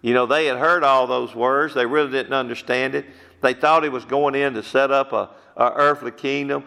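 Bright-voiced preacher man in a hall. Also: mid-range voice, fairly even intonation, vocal fry. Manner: repetitive preaching, rhetorical questions, slows for emphasis. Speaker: pastor. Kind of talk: sermon.

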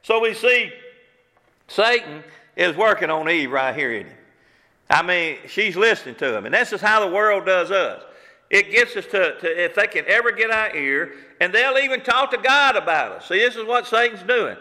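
A man's voice: high-pitched, lively intonation, normal speed, pushed and bright, in a large hall. A man preaching a sermon to his congregation in a church, fervent and full of repeated rhetorical questions. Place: church sanctuary.

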